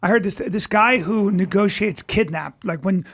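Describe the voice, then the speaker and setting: High, gravelly man telling stories. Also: normal speed. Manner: rambling animated storyteller. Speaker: comedian guest. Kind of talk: casual podcast chat.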